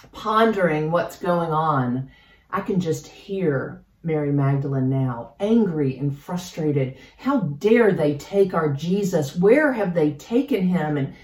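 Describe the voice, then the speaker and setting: A woman pastor delivers a sermon at an unhurried, deliberate pace, pausing for effect. Her voice is mellow and a little low. It sounds roomy, picked up from some distance across a church sanctuary. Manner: slow, measured and reflective, with dramatic pauses.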